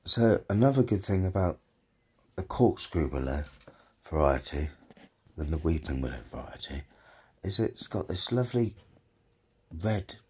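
A man's voice: low-pitched, big pitch swings, unhurried, pauses often, mellow, slightly rough. A man, a self-employed gardener chatting casually on his vlog, rambling, joking and swearing as he goes.

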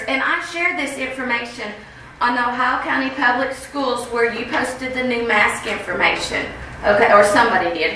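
A woman giving an earnest, insistent public comment at a school board meeting, often pausing to ask "okay?". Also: sits high, bright, forceful tone, far from the mic, slight background noise. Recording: very echoey room heard from afar.

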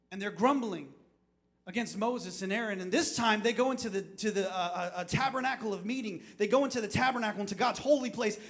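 High-voiced man preaching with rising fervor. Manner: preachy, rising to shouts and dropping low, repeats himself. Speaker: pastor. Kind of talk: short sermon.

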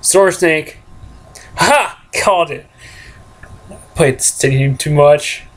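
A man's voice: fairly high pitch, takes it slowly. A man hosting a game let's play, rambling casually and chuckling to himself as he plays. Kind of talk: casual gameplay commentary.

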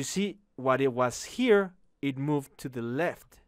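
Upbeat man teaching software, crisp close voice. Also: animated, slow, no echo. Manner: upbeat, says "boom" and "okay?" often. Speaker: online course instructor. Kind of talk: screen-recorded software tutorial.

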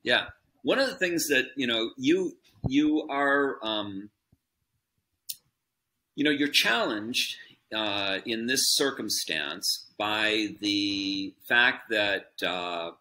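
A man with a slightly low, forceful voice answering interview questions in an earnest, conversational way. He explains his points patiently and often checks in with a quick "right?" His speech is loose and unscripted, with plenty of ums and uhs. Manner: earnest, explanatory, with frequent fillers and tag "right?". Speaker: podcast guest, business chairman.

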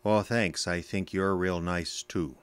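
An actor playing a gruff, sarcastic male suspect who answers with blunt, hostile retorts in an audio drama. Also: sits low, a little slow, a bit bright, dry recording.

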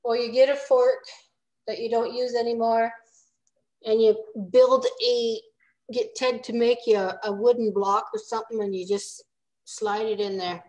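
Woman guest, higher voice, curious, casual chat. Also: fairly even intonation, normal speed, a little mellow, low-quality recording. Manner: curious, asks questions. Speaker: guest on a live stream.

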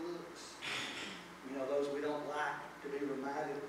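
A man's voice: a little high, level tone, moderate pace, distant mic, noisy background. A man preaching a sermon, reading scripture and acting out the quoted lines, with folksy asides. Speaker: pastor. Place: church sanctuary. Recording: echoey church hall, speaker away from mic.

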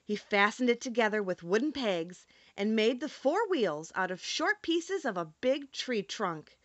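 A woman reading a classic children's story aloud as an audiobook narrator, expressive and measured. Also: a little high, no room sound, dull audio.

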